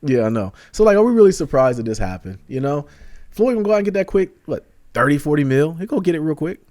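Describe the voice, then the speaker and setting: A man's voice: a little high, big pitch swings, fast, darkish tone. A man co-hosting a podcast, telling loose, rambling stories in a casual chat. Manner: easygoing, rambling storytelling. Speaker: podcast co-host.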